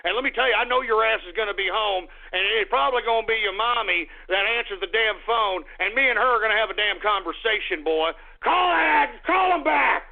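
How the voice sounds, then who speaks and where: A man runs a call-in radio show, combative and quick to curse as he rants at prank callers and talks with listeners. His voice sits high for a man. The sound is thin and tinny, as if coming through a phone line. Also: vocal fry. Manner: combative, profane, ranting.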